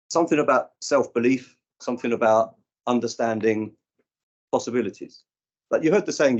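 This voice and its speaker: A man from the UK gives a conference talk as a youth work trainer, telling animated stories and acting out the dialogue. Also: mid-range voice, fairly quick, slightly rough. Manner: animated storyteller who acts out dialogue. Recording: dull lo-fi recording.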